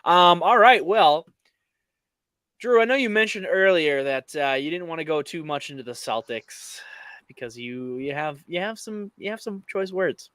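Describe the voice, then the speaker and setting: A man's voice: fairly high pitch, moderate pace, fairly bright tone, no room sound. A man hosting a casual sports podcast, playful and teasing as he runs the segments.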